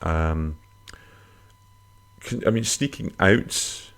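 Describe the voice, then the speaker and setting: A man hosting a casual comic podcast, rambling through listener questions with crude, self-mocking humor and sudden squeaky jokey swings. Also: drawn-out words, vocal fry, fairly bright tone.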